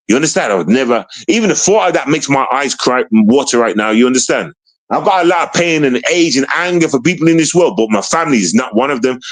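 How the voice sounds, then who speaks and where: A man telling a personal story in casual street slang, emphatic and repetitive, often checking that the listener understands. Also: medium pitch. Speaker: guest telling his story.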